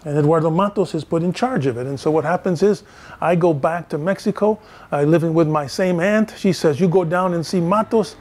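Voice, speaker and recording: An older male professor gives a lecture in a fairly high voice. He tells animated stories and acts out the dialogue in them. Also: a little fast. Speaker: professor giving a talk. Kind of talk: storytelling lecture.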